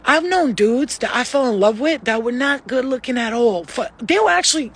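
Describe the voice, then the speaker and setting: A woman spiritual healer in a casual live stream, talking bluntly with lots of swearing and animated, acted-out quotes. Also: fairly high pitch, normal speed, slightly rough. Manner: blunt, profane and animated, acting out quoted voices.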